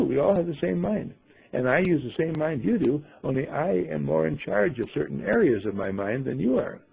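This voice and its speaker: A man voicing a calm, wise talking bird that lectures in a gently superior way. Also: medium pitch, vocal fry, husky, dull audio, exaggerated voice.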